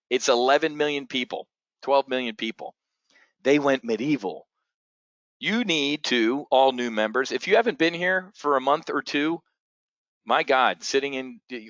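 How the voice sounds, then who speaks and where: A man's voice: fairly high pitch, a bit bright, dry recording, lo-fi sound. Blunt, rambling male trading host. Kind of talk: casual live market briefing.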